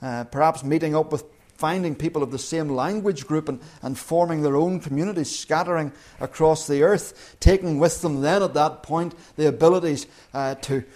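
A man preaching a sermon who tells the story lively and with humour, acting out little voices. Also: fairly high pitch, normal speed, few pauses.

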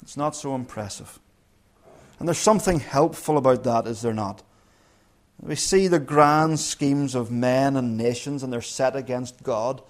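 A man preaching a sermon who tells the story lively and with humour, acting out little voices. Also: medium pitch, unhurried.

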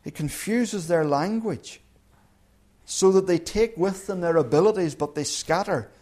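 Lively, higher-voiced male preacher. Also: a little slow. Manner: lively storytelling, acting out voices with humour. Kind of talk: sermon.

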